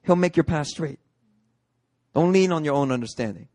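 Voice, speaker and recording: A man preaching a lively, story-driven sermon, slipping into playful character voices as he goes. His voice sits a little high for a man. The sound is dry and close. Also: normal speed, dry recording. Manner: animated, acts out movie characters with put-on voices. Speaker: pastor. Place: church hall, dry sound.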